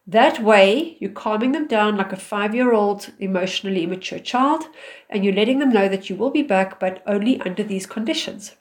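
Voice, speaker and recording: A woman speaks with calm firmness as she gives advice, steady and instructive, her pitch sitting right in the middle of the range. She talks like a mother laying down clear rules. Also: a little fast. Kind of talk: direct advice talk.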